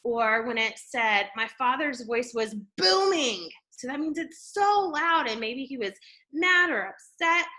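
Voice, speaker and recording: A woman teaching a classroom reading lesson. She explains step by step, checks in often with the class, and uses an expressive tone to show how to read. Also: high voice, a little slow. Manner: explanatory, checks in with "okay?" and "right?"; expressive, shifts tone to model reading.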